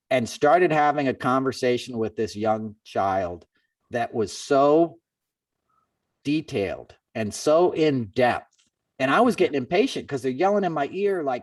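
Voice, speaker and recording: A man hosting a podcast, telling a story in a casual, animated way and raising his voice when he quotes people. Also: mid-range voice, normal speed, no echo, far from the mic. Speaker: podcast host.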